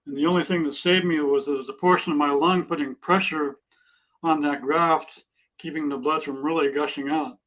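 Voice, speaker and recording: A man's voice: a little high, fairly even intonation, moderate pace, fairly bright tone, low-quality recording. A man in his sixties, a podcast guest, speaking earnestly and plainly about his life and his faith. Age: 60s. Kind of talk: casual interview chat.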